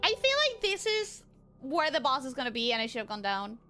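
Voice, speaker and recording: A woman streaming a video game and talking through it live, excitable and swearing, often repeating herself. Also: sits high, brisk, a little hiss or hum. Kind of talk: live gameplay commentary.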